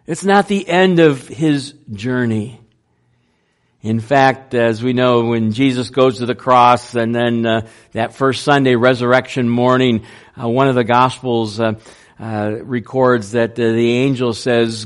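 A man preaching a sermon, unhurried and halting, with frequent fillers and restarts. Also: a little high. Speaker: pastor.

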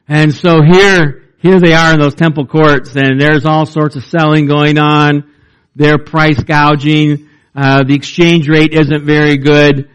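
A man preaching a sermon in a conversational way, with fillers and restarts, and his pitch rises when he reads or retells. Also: flat delivery, measured pace, clear, resonant tone.

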